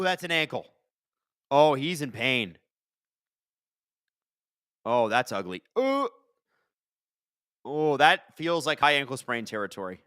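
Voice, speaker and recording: A man hosting a live hockey watch-along, chatting and reacting loudly to plays. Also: mid-range voice, clean tone, no echo, clean studio sound.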